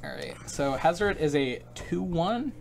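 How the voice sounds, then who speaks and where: Gravelly, joking male commentator. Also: fairly high pitch, animated, slight background noise. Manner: joking, quick to react, playful asides. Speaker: stream commentator. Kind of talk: casual game commentary.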